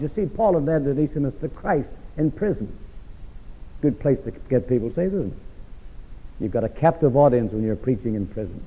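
A man's voice: mid-range voice, animated, normal speed, pauses often, breathy edge. Man preaching in an echoey hall. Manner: asks the congregation rhetorical questions, swings from loud to hushed. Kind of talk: sermon. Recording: echoey hall over a tinny, phone-like line.

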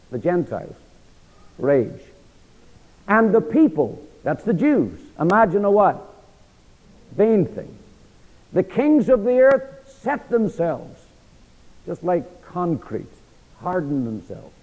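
A man preaching an expository sermon, reading verses slowly and emphatically and quizzing listeners with "what?" before key words. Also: high voice, a little mellow. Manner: reads scripture slowly and emphatically. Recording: dull recording in a large reverberant hall.

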